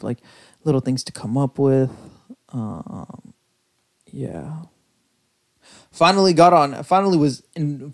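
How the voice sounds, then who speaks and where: A young man hosting his own podcast, rambling loosely and mocking himself, sounding tired and lethargic. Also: mid-range voice. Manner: rambling, self-mocking, loose storytelling with lots of fillers. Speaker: podcast host. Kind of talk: casual solo podcast rambling.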